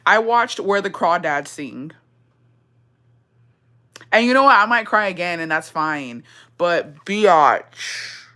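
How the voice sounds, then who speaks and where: A woman's voice: lowish voice, expressive, slow pace, pauses often, sharp tone. A young adult woman vlogger chatting casually with her viewers in an emotional, rambling way, full of swearing.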